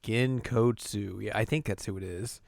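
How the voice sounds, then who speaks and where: Young male co-host, deadpan recap, dry close sound. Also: lowish voice, moderate pace, creaky, no echo. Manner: jokey, deadpan, acts out lines. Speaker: podcast co-host. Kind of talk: casual chat recapping an episode.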